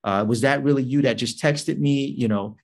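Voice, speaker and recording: A man's voice: mid-range voice, normal speed, creaky, a little mellow. A man co-hosting a tech podcast, talking casually and musing aloud with frequent fillers and restarts. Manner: musing, hesitant with many fillers. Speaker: podcast co-host.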